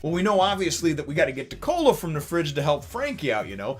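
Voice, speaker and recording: Rambling, animated man reviewing comics. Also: on the high side, fast. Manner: animated, laughing, rambling storyteller. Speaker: manga review channel host. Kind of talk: casual comic chapter review.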